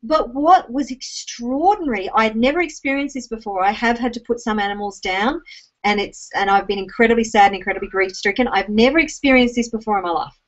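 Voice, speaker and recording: A woman's voice: on the high side, fairly quick, lo-fi sound. An Australian woman telling a personal story to an online audience, emotional and teary, with frequent ums and restarts. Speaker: speaker addressing an online audience. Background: rain.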